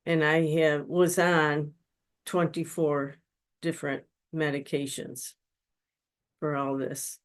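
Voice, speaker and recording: Speaking as a guest at a webinar, this spiritual counselor gives an earnest, confessional testimony about her own life. Her voice sits low with little pitch movement, and she talks slowly into a webinar microphone.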